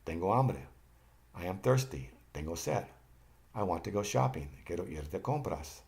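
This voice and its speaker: Male teacher, very low voice, patient slide-lesson delivery, leaves room for listeners to repeat, self-corrects now and then. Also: expressive, normal speed, creaky, darkish tone. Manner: patient, repeats phrases for learners to copy; occasional restarts and self-corrections. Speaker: language teacher. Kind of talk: slide-based lesson narration.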